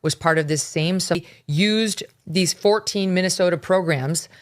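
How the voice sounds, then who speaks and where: Lower-voiced woman news commentator. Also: normal speed.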